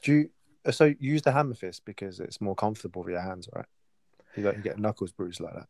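A man's voice: on the low side, fast talker, vocal fry, darkish tone, dry recording, clean studio sound. A man interviewing a guest in casual chat, asking curious questions with hesitant fillers.

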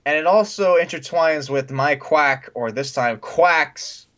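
A man's voice: on the high side, measured pace, fairly bright tone. A young man co-hosting a sports podcast, ranting in casual chat and laughing often. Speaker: podcast co-host. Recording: dull lo-fi sound.

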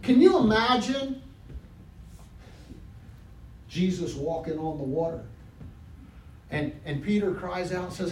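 A man's voice: high voice, lively intonation, slow pace, pauses often, recorded from a distance. Male pastor preaching in an echoey hall. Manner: preaching with congregation call-and-response, building to shouts. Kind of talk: sermon. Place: church sanctuary. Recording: echoey hall, mic from afar, faint noise.

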